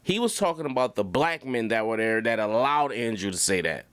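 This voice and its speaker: A man giving blunt reaction commentary in a casual, conversational way. His voice is smooth and resonant, recorded close and dry. He often circles back and repeats a phrase to drive it home. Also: mid-range voice, animated, a little fast, fairly bright tone, no room sound. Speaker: commentary channel host.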